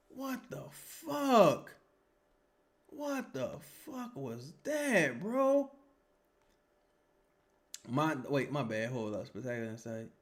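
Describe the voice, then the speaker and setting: A man hosting a casual live stream, reacting to a basketball game with profane, heckling commentary and reading viewer comments aloud. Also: high voice. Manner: profane, animated, heckling players. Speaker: sports livestream host.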